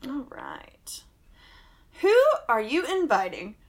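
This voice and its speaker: A woman co-hosting a podcast in casual chat, animated and giggly, quick to laugh. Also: on the high side, creaky, slightly rough. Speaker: podcast co-host.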